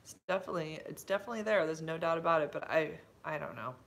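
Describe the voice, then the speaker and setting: A woman talks into her phone on a casual livestream, drifting between stories and viewer comments. She rambles, loses her thread, and fills the gaps with ums and likes. When something delights her, her voice leaps up in bright, gushing bursts. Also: deep voice, very fast, vocal fry. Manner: rambling and chatty, full of fillers and side-tracks; effusive, with big bright jumps when excited. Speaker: livestreaming vlogger and substitute teacher.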